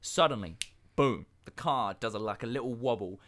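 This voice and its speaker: A man's voice: mid-range voice, normal speed, a bit bright. A man co-hosting a podcast, telling a funny story with enthusiasm. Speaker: podcast co-host. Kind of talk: casual storytelling.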